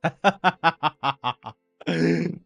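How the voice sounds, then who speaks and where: A man's voice: on the high side, very slow, vocal fry, fairly bright tone, dry recording, studio quality. A young Australian man chatting loosely on a live stream, rambling, laughing often and greeting viewers by name. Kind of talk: casual live-stream chat. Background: faint background music.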